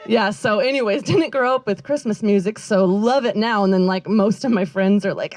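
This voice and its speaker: A woman's voice: mid-range voice, moderate pace, few pauses, darkish tone. A woman doing a stand-up comedy set outdoors in a backyard, rambling and self-deprecating, with lots of fillers and her own laughter. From Northern California.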